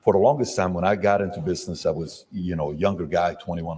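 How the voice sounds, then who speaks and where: A man's voice: deep voice, fast talker, dark tone, in a large hall, a little hiss or hum. A man hosting a podcast, telling stories loosely with many fillers and acted-out dialogue. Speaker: podcast host. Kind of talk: conversational interview.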